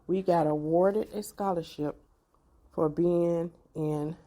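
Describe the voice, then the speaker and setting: A middle-aged woman, telling a personal story to her viewers in an animated, expressive way. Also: fairly low pitch, slow pace. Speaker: vlogger.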